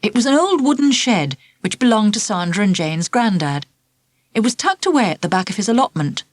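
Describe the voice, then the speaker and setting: Lively woman narrating a children's storybook. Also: mid-range voice, fairly quick, no room sound. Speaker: audiobook narrator.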